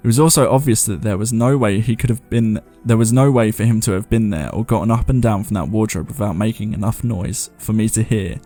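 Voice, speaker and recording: A man with a fairly low voice hosts a paranormal show, mixing loose, rambling chat with reading listener stories aloud. He keeps poking fun at himself as he reads. Soft music plays faintly underneath. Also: brisk, few pauses. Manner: rambling, self-mocking, chuckles while reading. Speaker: host of a paranormal podcast.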